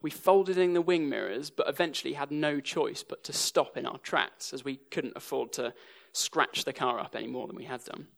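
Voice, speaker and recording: A man's voice: mid-range voice, normal speed, gravelly, fairly bright tone. A young English man preaching a sermon, telling stories with a dry sense of humour. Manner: dry humour woven into storytelling.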